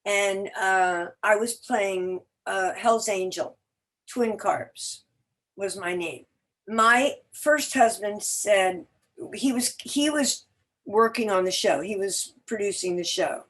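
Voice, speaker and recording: A woman, an actor guesting on a podcast, telling long animated stories in casual chat. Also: medium pitch, slow. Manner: chatty, animated storyteller.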